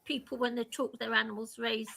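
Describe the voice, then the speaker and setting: Raspy, bright older woman. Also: a little high, little pitch movement, fast talker. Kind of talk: casual chat.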